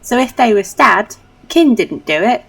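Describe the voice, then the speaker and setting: A woman's voice: a little high, sing-song, measured pace, gravelly, fairly bright tone, husky, voice pushed up, full character voice. A woman voicing a cheeky young child who is stubborn and accusing in a childish, insistent way.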